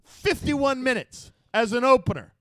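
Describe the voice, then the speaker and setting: A man hosting a podcast, telling a profane story loudly and acting out other people's voices. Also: extremely high pitch, animated, unhurried, no room sound. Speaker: podcast host. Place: podcast studio.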